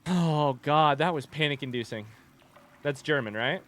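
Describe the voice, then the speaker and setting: Young guy streaming a scary game, bright kinda high voice, jumpy and swearing a lot. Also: unhurried. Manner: jumpy, swearing, panicky outbursts. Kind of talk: live gameplay commentary.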